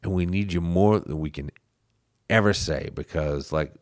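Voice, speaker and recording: A man's voice: low voice, moderate pace, darkish tone, dry recording, clean studio sound. A man hosting a political podcast, speaking earnestly as he urges listeners to get involved. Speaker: podcast host. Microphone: studio microphone.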